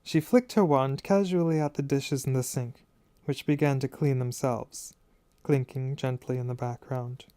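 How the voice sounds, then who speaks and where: A man narrating an audiobook in a measured, expressive storytelling manner, close to the mic. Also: mid-range voice, clear, resonant tone, no echo. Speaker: audiobook reader.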